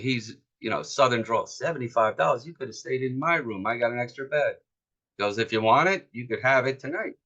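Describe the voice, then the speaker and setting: This is a man in his fifties sharing stories at a club meeting, speaking in a low voice with a forceful, bright edge. He talks casually and loosely, with fillers here and there. The recording sounds dull and lo-fi. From East Coast of the United States. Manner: storytelling, conversational with fillers. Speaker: author presenting his book.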